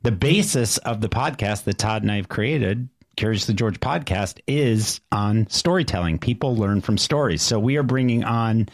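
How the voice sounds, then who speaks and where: A man co-hosting a podcast, chatty and quick to laugh at himself. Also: fairly low pitch, lively intonation. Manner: chatty, laughs easily, self-deprecating. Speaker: podcast co-host. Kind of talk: casual chat.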